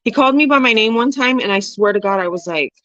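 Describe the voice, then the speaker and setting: A woman's voice: on the high side, expressive, fast talker, a bit bright, no room sound. A woman in her forties chats frankly with her livestream viewers, reading their comments aloud and laughing often. Her talk is loose and candid, with casual swearing. The sound is dry and a little dull, recorded close with almost no room around it. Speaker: livestream host.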